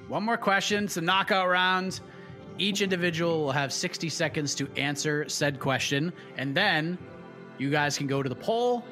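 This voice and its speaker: A playful man running a panel like a quiz, with a slightly raised pitch. He reads out options and keeps time. Faint music sits underneath. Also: pushed and bright. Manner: playful, quizmaster-like. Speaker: host. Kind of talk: game-style panel hosting.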